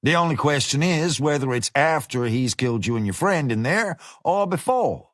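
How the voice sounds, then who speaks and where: A man voicing a smooth, menacing male American fixer who talks with easygoing slang. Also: on the high side, expressive, normal speed, no room sound, clean studio sound, close to an everyday voice. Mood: drawling menace.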